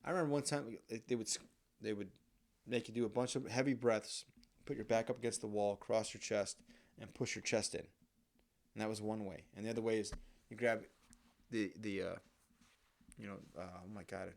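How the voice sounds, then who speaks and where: A man's voice: fairly low pitch, steady tone, normal speed, gravelly, long pauses. A young man, host of his own show, telling candid stories in a rambling, profane, casual monologue. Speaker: podcast host.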